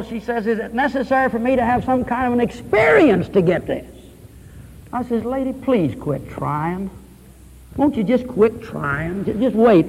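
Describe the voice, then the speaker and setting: Male radio preacher, high voice, storytelling sermon in a hall with long reverb. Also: husky. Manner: storytelling, quoting others, rising to fervent peaks. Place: church or hall with pulpit.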